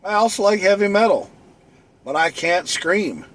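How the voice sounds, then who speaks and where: A man's voice: high-pitched, animated, normal speed, fairly bright tone. A man rambling and joking alone on a late-night live stream, in a boastful, easygoing way.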